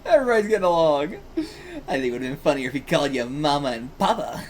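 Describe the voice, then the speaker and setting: A man's voice: a little high, big pitch swings, fast talker, a little hiss or hum. A man hosting a manga reaction, reading aloud casually and rambling, often swearing and laughing.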